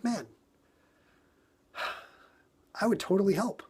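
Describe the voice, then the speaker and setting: A man's voice: a little high, expressive, a little slow, a little mellow, slightly rough. A man from New York telling a casual story on a phone livestream, acting out his own frustration with lots of repetition.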